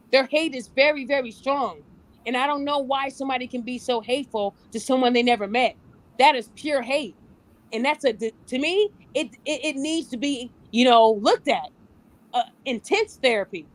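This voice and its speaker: A woman hosting a podcast and coaching relationships, talking bluntly and casually, often acting out the people she quotes. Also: high-pitched. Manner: blunt, animated, acts out quoted voices.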